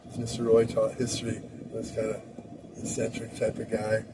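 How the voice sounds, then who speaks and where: Older man in his sixties, casual rambling anecdote, chuckling, fillers, outdoors near a road, clear traffic noise. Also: on the low side, monotone, normal speed. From Southern California. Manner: rambling and loose, chuckling often, many fillers. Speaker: storyteller recalling his school days.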